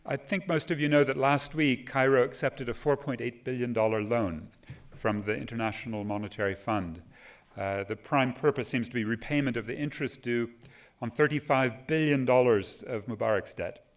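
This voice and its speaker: Guy on a conference panel, mid pitch, emphatic, talking into a mic. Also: normal speed. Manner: emphatic, quotes sources at length. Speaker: panel speaker. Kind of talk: conference talk. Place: conference hall. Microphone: microphone at a podium.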